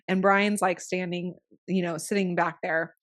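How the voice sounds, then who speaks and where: Young woman, podcast guest, a little low-pitched; frank, casual storyteller who swears freely. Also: flat delivery, a little slow. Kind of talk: candid personal storytelling.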